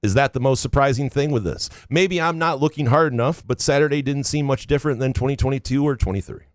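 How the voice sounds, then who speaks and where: A man's voice: mid-range voice, quick pace, no room sound, clean studio sound. A man co-hosting a sports podcast, reading listener questions aloud with a joking edge. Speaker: podcast co-host. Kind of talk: casual sports chat.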